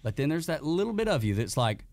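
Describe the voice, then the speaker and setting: A man's voice: a little high, quick pace, no echo. Southern-accented man hosting a casual sports chat. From Georgia, USA. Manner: animated storyteller, laughs often. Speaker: podcast host.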